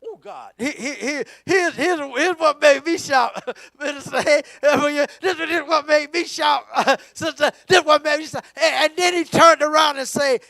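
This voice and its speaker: A man preaching a sermon in church, swinging from hushed talk to shouting, repeating words for emphasis. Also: extremely high pitch, moderate pace, creaky, hardly any pauses, dry recording. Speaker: pastor. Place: church sanctuary.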